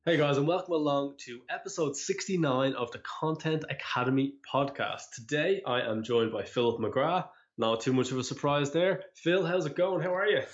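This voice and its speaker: A man's voice: a little high, normal speed, hardly any pauses. Easygoing man hosting, slightly dull audio. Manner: jokey, easygoing, asks questions. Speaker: podcast host. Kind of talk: casual podcast chat.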